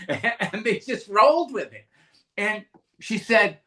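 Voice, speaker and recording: A man's voice: high-pitched, big pitch swings, a little slow, sharp tone. A man from California sharing his recovery story at a meeting, candid and conversational, with restarts and asides. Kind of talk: personal recovery share to a live group.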